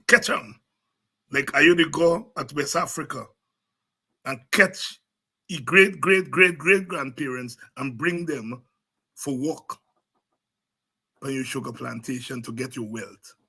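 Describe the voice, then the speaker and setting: A man's voice: mid-range voice, measured pace, vocal fry, pauses often, pushed and bright, husky. A man with a Guyanese Creole accent giving fiery, preaching political commentary as a show host, repeating himself and sliding into Creole.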